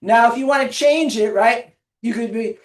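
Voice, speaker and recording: A woman's voice: on the high side, moderate pace. A woman presenting a webinar, leading listeners through a guided exercise and chanting affirmations with them in an encouraging way. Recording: echoey room, mic at a distance.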